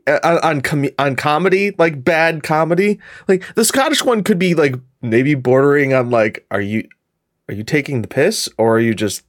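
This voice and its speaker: A man co-hosting a podcast in casual chat, rambling with many restarts and quick asides. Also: on the high side, dry recording, studio quality. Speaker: podcast co-host and gaming video creator.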